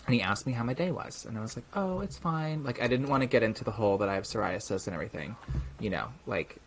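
This young man co-hosts a podcast and talks rapid-fire in a fairly low voice, with a little hiss or hum on the audio. Telling a story in casual chat, he's animated and acts out each quoted voice.

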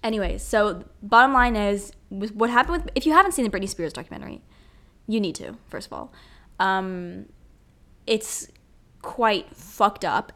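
A young woman with a fairly high voice hosts a solo podcast. She rants in a profane, animated, rambling way, swinging between loud outbursts and quiet asides. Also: moderate pace. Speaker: podcast host.

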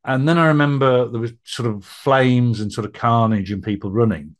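A man's voice: medium pitch, moderate pace. Chatty middle-aged man with a northern twang. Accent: Middle English with a northern twang. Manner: chatty, rambling, often laughing, with many fillers. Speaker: podcast guest. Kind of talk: personal storytelling interview.

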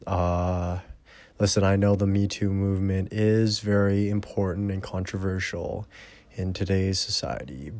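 Slow, rambling, foul-mouthed man. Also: low-pitched, steady tone, darkish tone. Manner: profane, blunt and rambling. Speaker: movie reviewer. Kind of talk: casual rambling movie recap.

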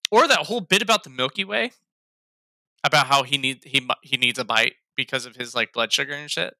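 A man chats casually about a film, laughing a lot, swearing freely, and acting out lines he liked in raised voices. His mid-range voice is brisk, gravelly, pushed and bright, recorded at studio quality with no room sound.

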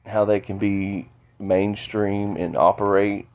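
A man talking alone into his podcast, stuffy from a cold, halting and often repeating words. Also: on the low side, little pitch movement, darkish tone. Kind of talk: solo monologue.

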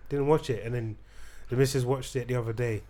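A man's voice: mid-range voice, steady tone, fairly quick, mellow. A young man hosting a casual chat, rambling and teasing with frequent restarts. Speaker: podcast host.

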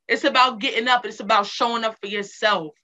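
A woman's voice: fairly high pitch, steady tone, fairly quick, sharp tone, highs cut off. A woman guest giving earnest, emphatic life advice in a casual interview, repeating phrases for stress. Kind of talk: casual motivational talk.

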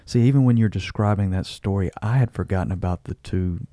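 A man who is a guest on a podcast, talking in a halting, heartfelt way and often repeating words. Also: low voice, dark tone, no room sound. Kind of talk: casual conversation.

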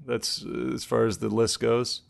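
A man hosting a casual comedy podcast, playful and quick to laugh while reading out stories. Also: mid-range voice, little pitch movement, creaky. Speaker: podcast host.

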